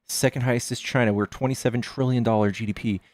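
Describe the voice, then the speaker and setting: A man's voice: medium pitch, steady tone, fast, darkish tone, no room sound. Argumentative man, dry close sound. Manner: argumentative, profane, fires rhetorical questions. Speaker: debate stream host. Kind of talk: heated live debate.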